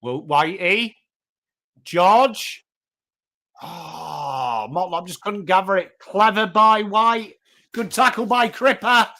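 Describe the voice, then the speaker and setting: An English man calls a footy match live for his stream, his voice sitting a touch higher than most men's. He swings between urging his team on and greeting viewers by name, talking animatedly into a desk mic. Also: fairly even intonation, a little slow, bright, forceful tone. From England. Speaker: livestream host. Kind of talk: live watchalong commentary and chat replies.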